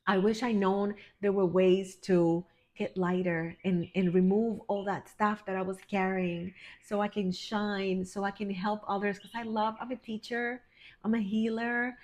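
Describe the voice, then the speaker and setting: A woman's voice: medium pitch, flat delivery, unhurried. A woman who works as a healer and life coach, talking straight to the camera in an effusive, emphatic way and calling the viewer honey and my friend. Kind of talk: motivational direct-to-camera talk.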